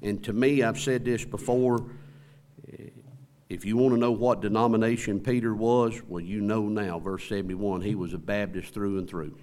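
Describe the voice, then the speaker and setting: A pastor with a Southern American accent preaching a sermon in a folksy way, asking the congregation questions. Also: male voice, lowish voice, fairly even intonation, normal speed, a little mellow.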